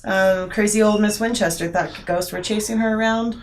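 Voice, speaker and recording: A woman's voice: medium pitch, steady tone, moderate pace, noisy background. A middle-aged woman co-hosting a podcast, telling long rambling stories and swearing freely in casual chat. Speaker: podcast co-host.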